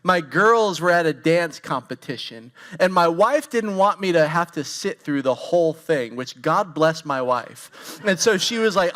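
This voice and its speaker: Pastor, male, 40s, high-pitched; relaxed, candid storytelling preaching that addresses the room directly. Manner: candid, storytelling, talks straight to the congregation. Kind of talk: conversational sermon.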